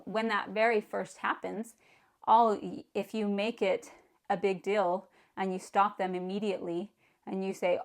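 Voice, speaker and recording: Middle-aged mother, earnest parenting vlogger, mid pitch, casual and repetitive delivery. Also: level tone, a little slow. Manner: earnest, repeats words, frequent you-knows. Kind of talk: casual advice talk.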